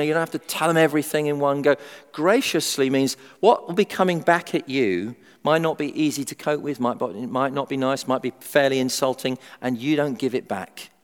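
A middle-aged man preaching a sermon in a humorous, animated way, acting out everyday voices. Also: on the high side. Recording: long hall reverb.

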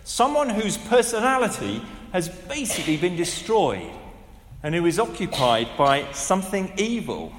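Male preacher, 50s, lively delivery, roomy church reverb. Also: high-pitched, normal speed. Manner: animated, conversational, with asides and rhetorical questions. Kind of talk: sermon. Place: large church hall. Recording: echoey hall with long reverb.

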